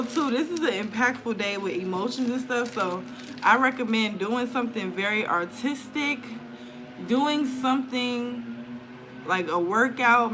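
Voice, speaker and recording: A woman reading tarot and chatting casually to viewers on a live stream at home, slangy and loose, swearing freely. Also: on the high side. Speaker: tarot reader and spiritual content creator. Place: indoors at home near an open window. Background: outdoor noise through the window.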